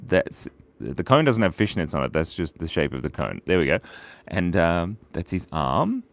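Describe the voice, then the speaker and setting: A man's voice: deep voice, big pitch swings, moderate pace. A man hosting a live drawing stream, joking playfully and narrating each stroke as he draws viewers' ideas. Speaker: livestream drawing host.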